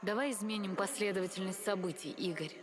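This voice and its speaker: An actress voicing a calm guiding woman in a video game, with measured, steady delivery. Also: medium pitch, close to an everyday voice.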